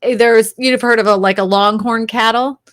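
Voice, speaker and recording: A woman, a real estate agent, chatting as a guest, telling lively stories and laughing often. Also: fairly high pitch, normal speed, no room sound, clean studio sound. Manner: animated storyteller, laughs often, acts out quotes. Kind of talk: casual interview chat.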